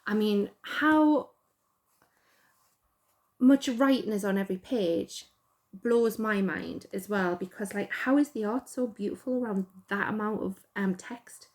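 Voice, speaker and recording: A woman's voice: mid-range voice, unhurried, darkish tone. Chatty Geordie woman rambling. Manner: chatty, rambling, self-deprecating, with many fillers. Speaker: podcast host. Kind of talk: casual chat.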